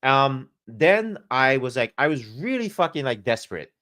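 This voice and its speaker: A man's voice: medium pitch, very animated, normal speed, sharp tone. A man telling a long, rambling story on a casual podcast, full of swearing and fillers. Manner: profane, rambling, many fillers. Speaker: podcast guest.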